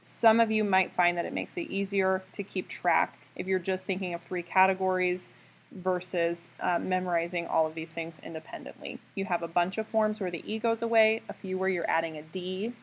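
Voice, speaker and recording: A woman teaching a recorded grammar lesson, explaining step by step in a clear, patient way. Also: on the low side, steady tone, moderate pace. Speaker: Spanish teacher.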